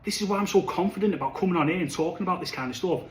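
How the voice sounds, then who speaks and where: Young man, animated casual monologue, slightly high voice, echoey room. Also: racing, slight background noise. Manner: chatty, animated, says "lad" and "flipping" a lot. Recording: echoey room, faint ambience.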